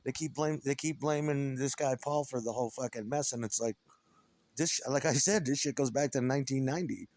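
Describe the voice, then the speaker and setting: A middle-aged former punk musician from upstate New York rambles alone in a mid-range, slightly mellow voice at a fairly quick pace. His solo monologue is a profane, aggrieved rant riddled with restarts.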